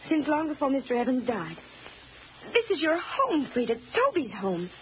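An actress playing a flustered, pleading well-to-do widow, in old-time radio drama with a dull, faintly hissy recording. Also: female voice, high-pitched, huge pitch swings, normal speed. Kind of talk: 1940s radio acting.

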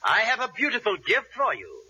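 An actor playing a pompous, scheming middle-aged uncle with grandiose, oily flattery, in 1940s radio acting. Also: male voice, high-pitched, brisk, dull audio, heavily acted. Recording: noisy old radio broadcast.

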